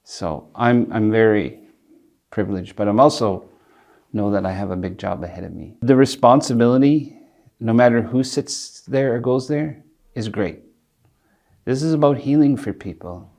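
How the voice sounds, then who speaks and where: A middle-aged man telling a personal story in an interview, earnest and reflective, pausing and restarting as he speaks. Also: medium pitch, vocal fry, darkish tone. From Alberta, Canada. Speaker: interviewee, community leader.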